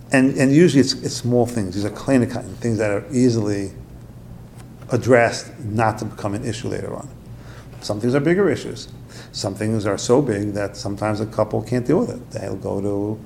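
Gravelly guy giving a torah class, tells stories and plays the angry husband, faint rumble behind. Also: a little mellow. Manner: storytelling, acts out quotes with sudden high outbursts.

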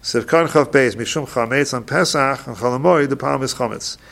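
A man teaching a halacha class, reading each Hebrew passage slowly and then explaining it in quick plain English. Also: medium pitch, gravelly, fairly bright tone. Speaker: Torah teacher.

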